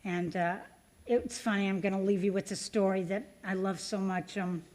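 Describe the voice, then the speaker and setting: A woman's voice: mid-range voice, steady tone, normal speed, a little mellow. A woman speaking at a recovery meeting, telling a personal story with many fillers and acting out the voices she quotes.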